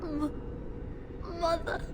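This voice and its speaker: A woman's voice: extremely slow, a little hiss or hum. A woman voicing a frightened young boy in pain who whimpers and pleads in a video game. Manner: weak, whimpering.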